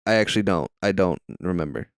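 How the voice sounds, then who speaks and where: A man's voice: medium pitch, expressive, normal speed, clean tone, dry recording, clean studio sound. A young man with a Southern US accent, co-hosting a podcast and chatting casually and jokingly while watching a movie, rambling and swearing often. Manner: rambling, profane, jokey. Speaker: podcast co-host.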